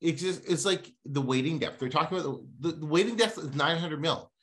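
A man hosting a casual car podcast, talking in an animated, ranting way. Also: fairly high pitch, a little fast.

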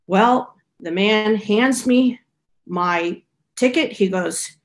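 A woman's voice: medium pitch, drawn-out words. A middle-aged woman, a researcher, casually telling a personal anecdote with small restarts. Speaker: researcher being interviewed.

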